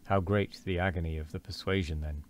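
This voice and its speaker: A man's voice: sits low, steady tone, brisk, slight background noise, close to an everyday voice. A man reading the lines of a loyal, sorrowful first mate who pleads in archaic speech. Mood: pleading.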